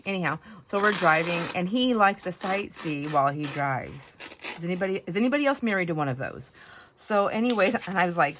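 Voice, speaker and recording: A woman's voice: fairly low pitch, animated, fairly quick, fairly bright tone, a little hiss or hum. A middle-aged woman chatting casually while she crafts, telling stories with frequent laughter and asides to her viewers. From United States. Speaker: craft vlogger.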